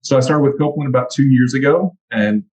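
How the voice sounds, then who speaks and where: A man being interviewed on a podcast, explaining his background as a trade instructor in a relaxed, matter-of-fact way. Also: mid-range voice, fast talker, low-quality recording. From Texas. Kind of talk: conversational interview.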